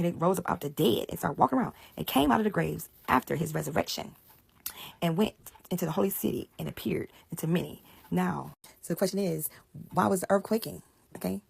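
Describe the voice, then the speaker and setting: Recorded with no room sound, a low-pitched woman whose voice is gravelly and husky tells a scripture story as a Bible storyteller. Her talk is animated and conversational, she explains aloud along the way, and her voice frequently sinks to a hushed whisper.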